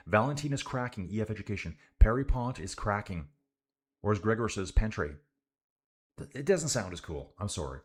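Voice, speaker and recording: A man from Canada doing casual live race commentary and reading out viewer chat, relaxed and saying "dude" often. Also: on the low side, breathy edge. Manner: laid-back, says "dude" a lot, chats with viewers. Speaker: cycling livestream commentator.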